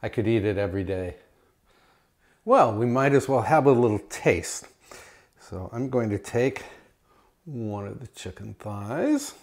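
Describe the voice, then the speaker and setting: A man's voice: lowish voice, animated, a little slow, long pauses, darkish tone. A man hosting his own cooking channel, chatting enthusiastically in his home kitchen while he cooks and tastes. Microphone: camera mic, moved at times.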